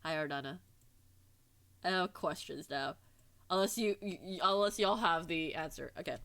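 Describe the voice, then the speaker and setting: A woman's voice: on the low side, moderate pace, a bit bright. A woman streamer in casual chat with her audience, bubbly and giggly, teasing herself in a playful way.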